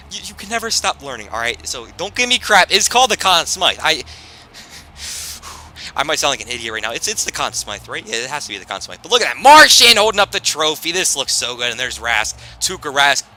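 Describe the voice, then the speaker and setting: Excitable young man with a bright voice. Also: on the high side, quick pace, a little hiss or hum. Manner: excitable, self-deprecating, rambling with many restarts. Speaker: gaming YouTuber. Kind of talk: casual video game commentary.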